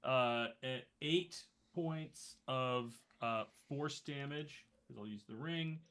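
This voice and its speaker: Bright-voiced man at a game table. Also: mid-range voice, slow pace. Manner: chatty, self-mocking about dice. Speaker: player. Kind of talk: casual chat at a tabletop game.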